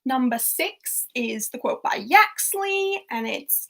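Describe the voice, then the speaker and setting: A woman hosts a livestream quiz in a chatty, giggly way, reacting to answers as they come in. Her voice sits high and sounds bright and clear through a desktop mic. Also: animated, takes it slowly, hardly any pauses. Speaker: quiz host. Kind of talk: casual livestream chat.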